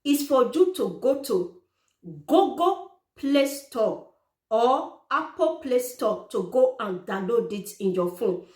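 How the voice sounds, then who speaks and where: A woman's voice: a little high, sing-song, takes it slowly, a little mellow. Earnest woman explaining, echoey room. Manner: repetitive, earnest, direct address. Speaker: parent giving advice. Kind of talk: informal how-to explainer.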